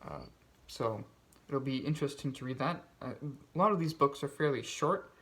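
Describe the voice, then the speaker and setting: A man hosts a casual book video, chatting through his reading list. His voice sits in a middle pitch range. He rambles and restarts often, filling gaps with ums and uhs. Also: moderate pace, fairly bright tone. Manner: rambling, many fillers and restarts. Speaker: BookTube host.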